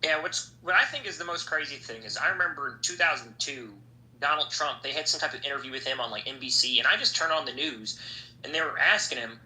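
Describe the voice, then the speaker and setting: A man's voice: fairly high pitch, fast talker, pushed and bright. A young man hosting a podcast, chatting casually in a rambling, profane way. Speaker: podcast host. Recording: echoey room, faint background noise.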